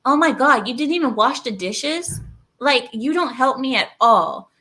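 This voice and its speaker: A woman's voice: sits high, animated, measured pace, bright, forceful tone, pitched above the performer's own voice, heavily acted. A woman mimicking a nagging, scolding wife. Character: nagging exasperated wife scolding her husband.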